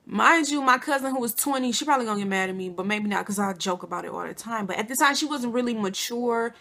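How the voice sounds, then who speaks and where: A young woman from Flint, Michigan, telling a storytime to her viewers in a chatty, animated way. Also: on the high side, fast, hardly any pauses. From Flint, Michigan, USA. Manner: chatty, addresses viewers as y'all and girl, animated quotes. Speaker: vlogger. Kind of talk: casual storytime.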